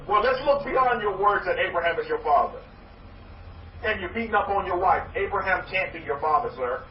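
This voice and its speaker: A man preaching as a rabbi to a congregation, loud and excited, repeating phrases for emphasis. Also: high-pitched, fairly quick. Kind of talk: energetic sermon to a congregation. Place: hall with congregation. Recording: roomy, distant, dull lo-fi recording with faint noise.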